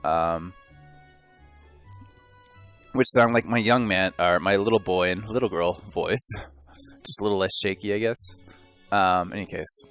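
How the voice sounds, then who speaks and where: A man's voice: deep voice, measured pace, pauses often, fairly bright tone, faint music behind. A man rambling and joking through casual let's play commentary, often stopping and restarting mid-thought. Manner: rambling, self-interrupting, joking.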